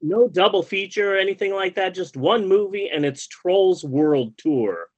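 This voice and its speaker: A man with a high-pitched voice rants in a casual podcast chat. He swears freely and sounds exasperated. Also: animated, measured pace, breathy edge, lo-fi sound. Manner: profane, exasperated ranting.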